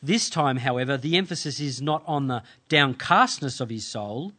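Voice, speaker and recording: A man preaching a sermon, reading scripture in measured, earnest phrases with deliberate pauses. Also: medium pitch, fairly bright tone. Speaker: pastor.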